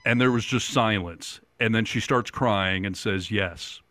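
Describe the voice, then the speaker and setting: A man's voice: fairly low pitch, moderate pace, sharp tone, dry recording. A middle-aged man, a radio talk show host, telling a personal story in casual chat and acting out the voices of people he quotes.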